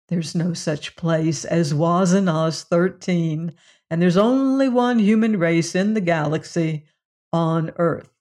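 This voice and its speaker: An audiobook narrator giving a measured first-person reading of a story. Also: mid-range voice, a little mellow.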